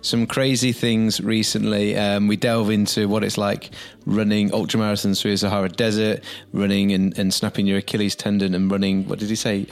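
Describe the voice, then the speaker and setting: A man's voice: on the low side, little pitch movement, fairly quick. A man co-hosting a podcast in a rambling, jokey way. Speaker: podcast co-host. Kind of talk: casual podcast chat.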